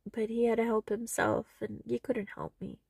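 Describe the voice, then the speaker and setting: Earnest woman with a gravelly edge. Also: a little high, flat delivery, moderate pace, a little mellow, no echo, studio quality. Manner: emotional, earnest, retelling conversations. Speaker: vlogger. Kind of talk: personal storytelling vlog.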